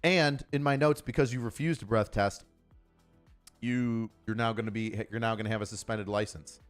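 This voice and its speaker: A man's voice: on the low side, fairly even intonation, normal speed, soft background music. A man from Buffalo, a former cop giving casual, profane livestream commentary and telling stories in a blunt way. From Buffalo, New York. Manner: blunt, profane, storytelling with acted dialogue. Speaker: retired police officer commentating news.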